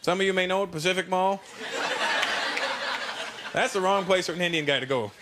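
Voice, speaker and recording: Brash stand-up comic, high voice. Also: male voice, a little fast. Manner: brash, teasing, chatty with the crowd. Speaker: stand-up comedian. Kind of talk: stand-up comedy routine. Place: live comedy stage. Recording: live show with loud audience noise.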